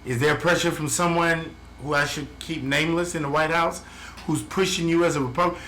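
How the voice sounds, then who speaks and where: A man's voice: fairly high pitch, steady tone, brisk, fairly bright tone. A man giving a blunt, heated, profane update as a travel vlogger, ranting to the camera from his home. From United States. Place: home in the Philippines. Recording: echoey room, faint background noise.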